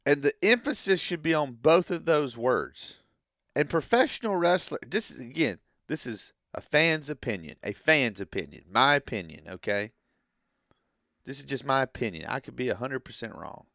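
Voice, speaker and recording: A man's voice: medium pitch, very animated, normal speed, fairly bright tone, dry recording, studio quality. A man delivering an opinionated monologue as a wrestling fan, ranting and repeating himself, then hedging that it is just his opinion.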